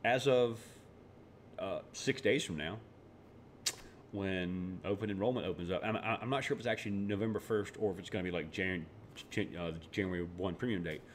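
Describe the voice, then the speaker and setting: A man's voice: deep voice, moderate pace, a little hiss or hum. A man giving casual political commentary in a sarcastic, ranting way, tripping over words and restarting as he goes. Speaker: vlogger.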